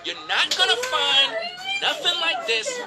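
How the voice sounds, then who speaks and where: A man's voice: extremely high pitch, huge pitch swings, unhurried, a loud crowd, heavy background noise. A man preaching a profane, emphatic livestream sermon to women, scolding and mocking them. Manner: preachy, profane, emphatic, mocks others in quoted voices.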